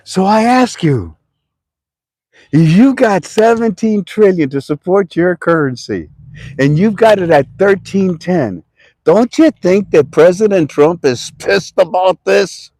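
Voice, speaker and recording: A man from Ohio, talking to camera about currency in a rambling, animated way and sometimes shouting for emphasis. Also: high-pitched, unhurried, no room sound. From Toledo, Ohio. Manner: animated, shouts for emphasis, talks to himself in two voices. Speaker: currency commentary vlogger. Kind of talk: casual rambling talk to camera.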